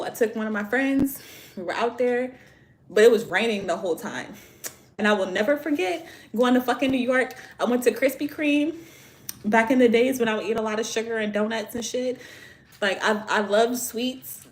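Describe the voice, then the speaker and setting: A woman's voice: on the high side, normal speed. Slangy young woman hosting a live stream. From Virginia, USA. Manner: loose, slangy and profane, storytelling asides. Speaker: tarot live-stream host. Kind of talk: casual live-stream chat.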